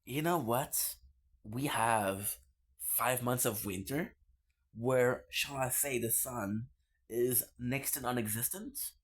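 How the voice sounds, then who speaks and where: A man's voice: mid-range voice, takes it slowly. A man streaming live, chatting casually with viewers in a playful, teasing way, often repeating himself. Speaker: live streamer reading chat.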